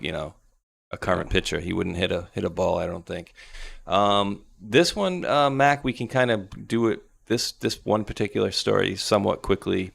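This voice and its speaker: A man's voice: low voice, vocal fry, a bit bright. A man co-hosting a talk show, chatting loosely and rambling with sarcastic asides. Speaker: podcast co-host. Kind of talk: casual political chat.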